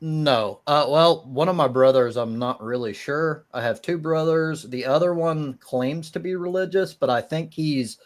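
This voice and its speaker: This man's voice sits a little high, and he talks a bit slowly with hardly any pauses. Chatting casually in a live-stream debate, he stumbles through restarts and fillers while holding his position, occasionally letting out a dry laugh at the notion of souls.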